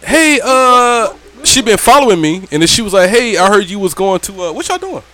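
Lively man telling stories. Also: high-pitched, fast talker. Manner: animated, laughing, profane, slangy, lots of "right?". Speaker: podcast host telling stories. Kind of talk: casual storytelling chat. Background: friends talking in the background.

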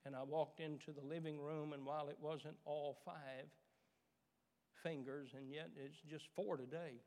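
A middle-aged man gives a sermon as pastor, his repeated phrases climbing toward fervent emphasis, recorded in a church sanctuary with long reverb. His voice is on the high side and a little mellow, with a flat delivery and a slightly slow pace.

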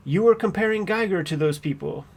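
A man acting out a dogged trial attorney cross-examining a witness in a courtroom transcript reading. His voice sits a little higher than most men's. He presses each point in a measured, pointed way. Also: creaky. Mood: pressing.

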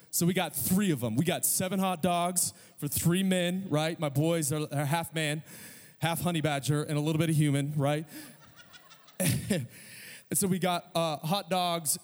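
A middle-aged male pastor preaching a sermon, telling a story with self-deprecating humor and quick asides. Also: a little high, long reverb tail.

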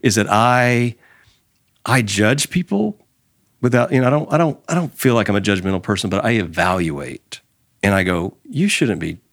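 A man's voice: on the low side, moderate pace. A man hosting a faith-flavored conversation podcast, talking earnestly and retelling stories with feeling. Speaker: podcast host. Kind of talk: casual conversation.

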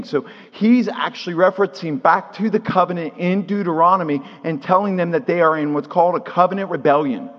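A man preaching a sermon at a Shabbat service, earnest, repeating key phrases and asking rhetorical questions. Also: a little high. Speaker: pastor teaching at a Shabbat service. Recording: long hall reverb, dull lo-fi sound.

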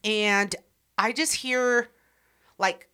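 A woman's voice: a little high, steady tone, drawn-out words, bright, forceful tone, clear, resonant tone. A woman in casual chat as a podcast co-host, brash, blunt and profane.

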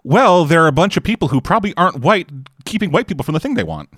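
A man's voice: a little high, big pitch swings, fast, fairly bright tone, dry recording, studio quality. A man riffing on a movie with friends, crude and sarcastic, swearing often. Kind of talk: casual riffing banter.

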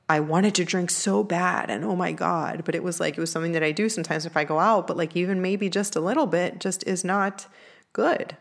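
A woman's voice: fairly low pitch, creaky. A young woman telling a personal story in a candid, earnest way, with lots of "like" fillers. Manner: candid, heavy use of "like" fillers; earnest, emotional confessional tone.

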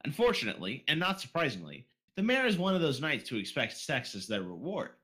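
A man's voice: medium pitch, big pitch swings, fairly quick, pushed and bright. A man hosting a casual podcast, reading out listener questions and swearing freely. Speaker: podcast host.

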